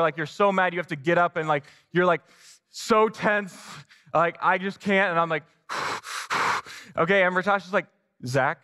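A man's voice: high voice, pushed and bright. A man preaching a sermon, telling a personal story casually, poking fun at himself, with lots of restarts and acted-out quotes. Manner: casual, self-deprecating, many restarts and quoted asides. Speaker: pastor. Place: large church sanctuary. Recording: long hall reverb from a church sanctuary.

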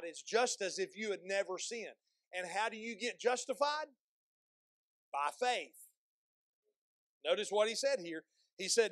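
Man, pastor, sermon, high-pitched, dry close sound, repeats words while reading scripture slowly. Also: no room sound. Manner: slows and stresses when reading scripture aloud; repeats words and restarts phrases, asks the congregation questions.

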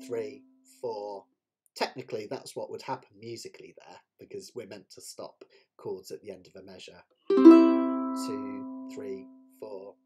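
A man with a medium-pitched, darkish voice and a breathy edge teaches a live online ukulele lesson, chatty and self-deprecating, explaining each point while demonstrating it. He uses a webcam setup with the camera close, and ukulele playing sounds in the background.

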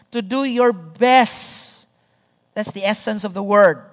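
A pastor preaching a sermon, deliberate and repeating key phrases, often checking in with the congregation. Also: medium pitch. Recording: reverberant church hall.

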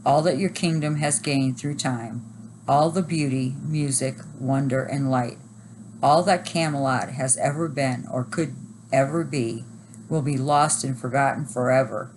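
A woman reading aloud and voicing a booming, mysterious male knight in red armor, with a stern, commanding delivery. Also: steady tone, unhurried, darkish tone, slight background noise, poor audio.

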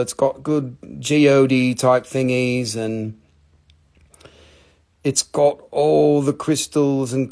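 A man's voice: mid-range voice, darkish tone. A man hosting a live rock and mineral sale, rambling and joking, swearing freely as he shows stones. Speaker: host selling rocks on a live show. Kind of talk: casual live sales stream.

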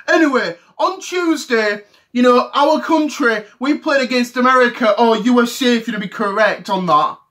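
An offended English football fan in his thirties , played by a man, rants on and on in a fairly high voice. He repeats himself in wounded indignation, building the sketch around his grievance. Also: fairly bright tone, heavily acted. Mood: indignant. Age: 30s. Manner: indignant, repetitive ranting. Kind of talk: comedy sketch rant to camera.

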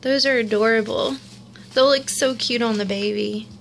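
A woman's voice: a little high, fairly even intonation, moderate pace, gravelly, slight background noise. A young woman, cooing and gushing over an unboxing in casual commentary. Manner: gushing and cooing, repeats exclamations. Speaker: vlogger unboxing a doll.

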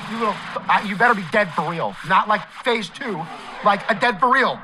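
A young man streaming a game live, talking in a loud, profane, easily enraged way. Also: high voice, fairly quick, noisy background.

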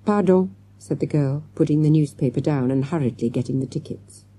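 Warm husky woman narrating a children's story. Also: rumbling low, fairly quick. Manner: lively storytelling with many character voices. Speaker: audiobook narrator.

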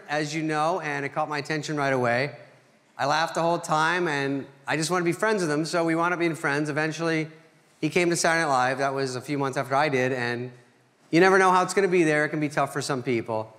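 A middle-aged man giving a dry, deadpan stand-up roast on a theater stage, pausing for his punchlines. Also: on the high side. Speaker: comedian roasting a friend. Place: theater stage at an award ceremony. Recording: reverberant hall, noisy live recording.

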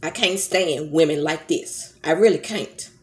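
A woman's voice: deep voice, measured pace. A middle-aged woman vlogger delivering a heated, profane rant to her camera, scolding someone and turning to her viewers as y'all. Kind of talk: angry commentary rant to camera.

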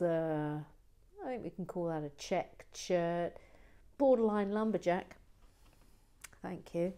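A woman's voice: medium pitch, a little mellow, clear, resonant tone. A woman chatting casually while she builds a toy set and reads out viewer comments, teasing and giggling as she goes. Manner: playful, teasing, giggly asides.

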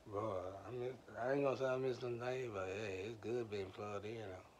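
A man's voice: on the low side, steady tone, normal speed, a little mellow, a little hiss or hum. A man telling loose, slangy stories in a rambling monologue, speaking straight to his viewers.

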